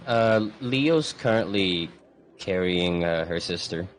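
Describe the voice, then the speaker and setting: A man's voice: low voice, animated, takes it slowly. A man playing a tabletop game, casual and jokey, with the odd swear. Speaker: player.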